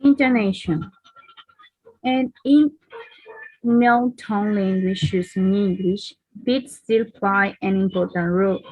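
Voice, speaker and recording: Woman student presenting slowly, non-native, dry close recording. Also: mid-range voice, breathy edge, no room sound, rough recording. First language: Spanish. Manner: hesitant reading with fillers. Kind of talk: reading a class presentation.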